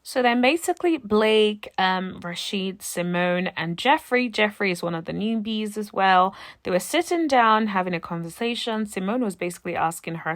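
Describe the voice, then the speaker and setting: A woman giving casual, sassy recap commentary on a reality dating show, animated and fond of calling people "honey". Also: medium pitch, moderate pace, hardly any pauses, dry recording, clean studio sound.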